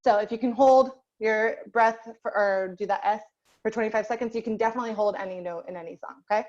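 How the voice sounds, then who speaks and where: A woman's voice: medium pitch, fast, darkish tone, muffled recording. A woman voice teacher leading an online group lesson over a video call, patiently asking the class questions and waiting for answers.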